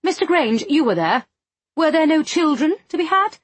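A woman voicing a fretful, snobbish middle-aged village lady who speaks in a high, fussy, affronted way. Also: big pitch swings, moderate pace, no room sound.

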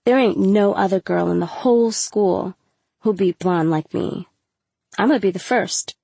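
A woman voicing a teenage schoolgirl who sounds eager and then unsure, asking soft, hesitant questions. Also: medium pitch, a little slow, vocal fry, husky, no echo.

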